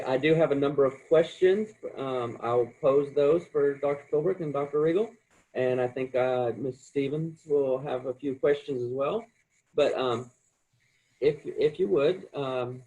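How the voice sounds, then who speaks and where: A man's voice: mid-range voice, darkish tone, highs cut off. A man moderating a conference panel, asking questions politely with some hesitant fillers.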